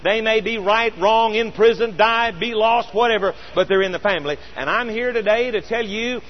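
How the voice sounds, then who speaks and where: The recording is muffled as a middle-aged man with a high voice preaches in an earnest, story-driven way. He slows down and uses emphatic pauses.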